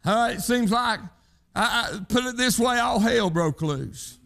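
A man's voice: very high-pitched, expressive, a little slow, vocal fry, fairly bright tone. A man preaching a sermon in rhythmic, emphatic bursts, punctuated with "hey" and "huh" calls to the congregation, in plain country speech.

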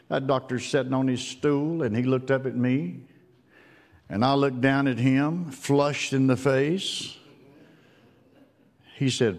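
Older preacher in a reverberant hall. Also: male voice, on the high side, very animated, a little slow. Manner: folksy storytelling, swings from loud to hushed. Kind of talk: sermon.

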